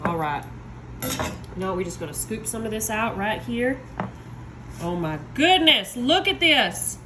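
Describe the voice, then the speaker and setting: A woman, showing desserts in her home kitchen in a chatty, excitable way, talking to viewers. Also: medium pitch, a little slow, noisy background. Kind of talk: casual cooking video. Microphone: phone.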